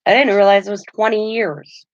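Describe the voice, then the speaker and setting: Chatty grandma crafting live, kinda gravelly voice, muffled lo-fi sound. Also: female voice, medium pitch, steady tone, brisk, no room sound. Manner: chatty, laughs often, greets viewers. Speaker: craft vlogger. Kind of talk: casual chat while crafting. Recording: dull lo-fi livestream audio.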